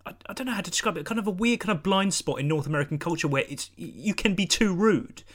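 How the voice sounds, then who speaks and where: A man's voice: high-pitched, animated, fast talker, a bit bright. A man hosting a podcast, playful and enthusiastic, teasing his guest with questions. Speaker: podcast host. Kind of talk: casual chat.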